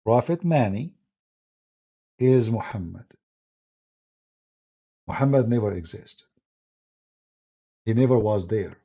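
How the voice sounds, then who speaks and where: A man from the Middle East with an Arabic accent hosts a live stream as an apologist, speaking emphatically and combatively with broken phrasing and restarts. His voice is lowish, dark and breathy, slow with frequent pauses, over dull lo-fi stream audio.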